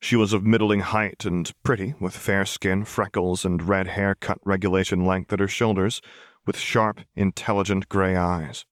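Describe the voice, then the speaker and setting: A man narrating a story as an audiobook reader, with steady, even storytelling on a close mic. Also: low voice, moderate pace, dry recording. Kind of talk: scripted narration.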